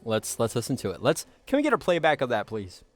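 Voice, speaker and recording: Playful, lively-voiced male streamer. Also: medium pitch, fast talker, soft background music. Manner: playful, goofy, riffs and jokes with chat. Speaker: livestream host. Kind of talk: casual live-stream chat with viewers.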